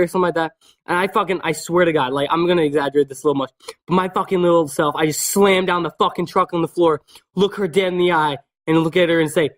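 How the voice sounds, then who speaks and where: A man's voice: on the high side, quick pace. A man telling a personal story in a casual vlog, rambling and swearing constantly. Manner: many fillers and restarts. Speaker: vlogger.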